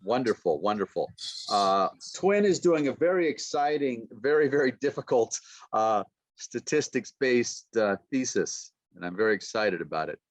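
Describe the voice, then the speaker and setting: A man teaching a pronunciation lesson, modeling phrases slowly and repeating sounds. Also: medium pitch, big pitch swings, no echo. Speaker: university lecturer.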